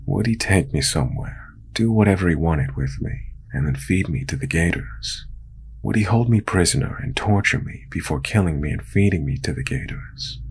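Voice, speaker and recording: A man narrating a true horror story in a calm, measured storytelling manner. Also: low voice, gravelly, husky.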